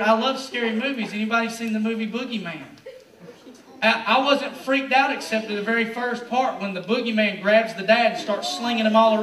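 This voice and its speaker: Pastor, male, high voice, relaxed slangy sermon, heard from across an echoing church. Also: far from the mic. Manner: lively, slangy preaching to a youth crowd. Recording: roomy echo, speaker away from the mic.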